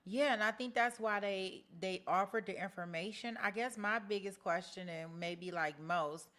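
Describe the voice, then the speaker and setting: A woman's voice: mid-range voice, moderate pace, a bit bright. A woman hosting a true-crime commentary show, talking casually with lots of restarts. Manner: casual, chatty, many restarts. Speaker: host.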